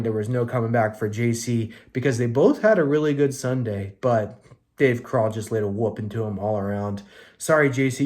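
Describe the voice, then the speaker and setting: A man's voice: mid-range voice, darkish tone. A young man hosting a casual fantasy hockey recap podcast, loose and profane, rambling through scores and breaking into mock rants.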